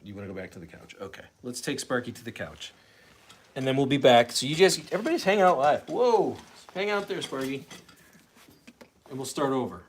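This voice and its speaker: A man's voice: mid-range voice, big pitch swings, normal speed, pauses often, a little hiss or hum. A man hosting a casual live stream from his home, rambling and chatting with viewers and his dog, at times out of breath. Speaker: host of a live fan stream.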